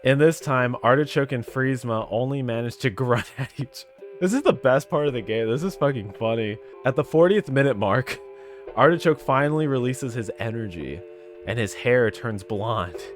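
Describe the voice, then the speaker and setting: A man's voice: mid-range voice, lively intonation, normal speed, faint music behind. A man reading a story game's text aloud, making joking remarks between the lines. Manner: reads narration, breaks into laughs and jokes. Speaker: gamer playing a text game.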